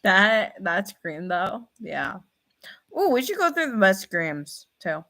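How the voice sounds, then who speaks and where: A young woman in casual reaction commentary, excitable, thinking out loud with fillers and repeated phrases. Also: medium pitch, takes it slowly. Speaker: reaction video host.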